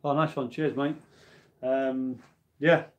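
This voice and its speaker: A man in his forties chats casually on a live stream, with a voice sitting at an ordinary middle pitch. He rambles from one thought to the next and answers viewer comments along the way, in a relaxed, homely tone. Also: slow, lo-fi sound. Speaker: homebrew channel host.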